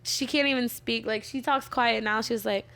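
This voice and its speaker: A woman's voice: a little high, steady tone, moderate pace, a bit bright. A young woman chatting casually as a podcast guest, laughing as she tells a story and acts out the lines she quotes. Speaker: bartender guest. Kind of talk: casual chat.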